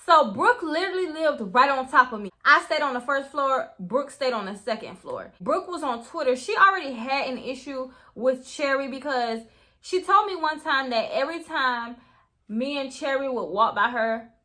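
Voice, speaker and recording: A young woman telling a story in a casual, animated way. She swears freely and keeps talking straight to her viewers. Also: high-pitched, moderate pace. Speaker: storytime vlogger.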